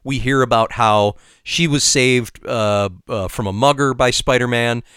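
A man's voice: medium pitch, unhurried, fairly bright tone, clean tone, no room sound, studio quality. A man co-hosting a podcast, talking through his points step by step in casual discussion. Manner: thoughtful, explains step by step. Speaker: podcast co-host.

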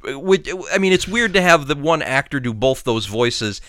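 Bright, animated man, dry sound. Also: mid-range voice, normal speed, dry recording. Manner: rambling, many restarts, laughs easily. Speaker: podcast co-host. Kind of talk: casual chat.

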